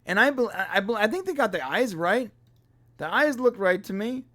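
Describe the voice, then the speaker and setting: A man's voice: high-pitched, very animated, moderate pace, a loud crowd. A man co-hosting a live review podcast, thinking aloud in an easygoing, casual way. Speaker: podcast co-host.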